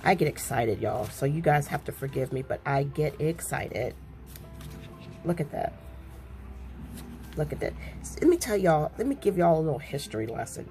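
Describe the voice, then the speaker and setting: A woman chatting casually to her viewers, gushing and excitable, often repeating herself as she talks. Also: deep voice, moderate pace, long pauses, faint music behind. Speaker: crafting vlogger.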